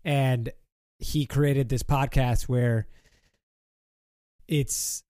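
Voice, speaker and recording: A man's voice: medium pitch, steady tone, drawn-out words, warm tone, no room sound. Male co-host, casual chat, loose and rambling, dry mic. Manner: rambling, full of "like" and restarts. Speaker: podcast co-host.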